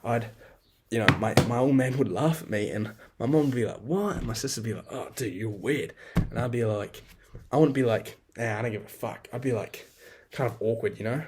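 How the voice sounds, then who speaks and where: A young man with a medium-pitched voice talks fairly quickly against a noisy background. His personal monologue rambles, is frank, swears freely, and pokes fun at himself.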